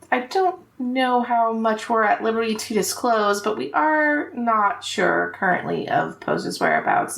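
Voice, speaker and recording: Brief: woman player, gravelly, formal questioning, roomy echo. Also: medium pitch. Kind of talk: in-character tabletop play. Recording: echoey room.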